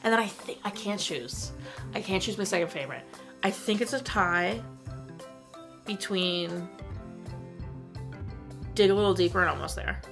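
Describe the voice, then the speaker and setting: A woman's voice: medium pitch, moderate pace, long pauses, music in the background. Gushing young woman reviewing a movie. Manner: gushing, enthusiastic, frequent "like" fillers. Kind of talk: casual chat.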